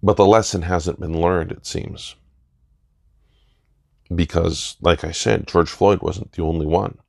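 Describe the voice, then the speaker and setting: A man giving an earnest opinion monologue in deliberate short phrases. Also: deep voice, steady tone, vocal fry, darkish tone, no room sound, clean studio sound. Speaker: commentator.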